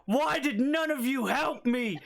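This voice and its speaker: A man voicing a whiny male adventurer complaining in a high, drawn-out voice during a tabletop game. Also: creaky, fairly bright tone, heavily acted. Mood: whining. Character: whiny adult male adventurer crushed by a creature.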